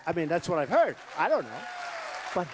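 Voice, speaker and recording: A man's voice: a little high, very animated, brisk, noisy background. A man in his sixties from New York, giving a rambling, boastful campaign rally speech full of repeated asides in a large hall. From New York, United States. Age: 60s. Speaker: political candidate.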